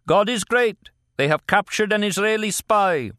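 A man voicing an excitable male interpreter with a high, shouting voice and broken English. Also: moderate pace, no echo, studio quality, natural voice. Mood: exultant.

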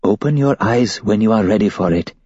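A man voicing a calm, compassionate royal figure who speaks formally in a storybook reading. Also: on the low side, brisk, slightly rough, no room sound, highs cut off. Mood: gentle. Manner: gentle, formal. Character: calm commanding male royal, gentle and compassionate.

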